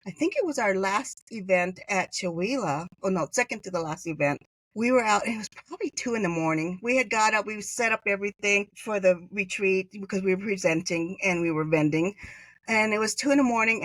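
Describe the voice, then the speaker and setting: A woman's voice: brisk, no room sound, low-quality recording. Woman telling a story in a dry, close sound. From Hawaii. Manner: animated, acts out quoted voices with pitch jumps; rambling, self-correcting. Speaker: podcast guest. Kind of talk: personal storytelling.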